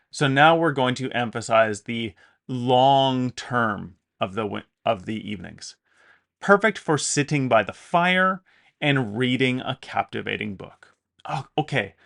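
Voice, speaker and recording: A man's voice: medium pitch, animated, measured pace, gravelly, a bit bright. A man, a native English speaker, teaching an online English lesson, patiently explaining example sentences with fillers and self-corrections.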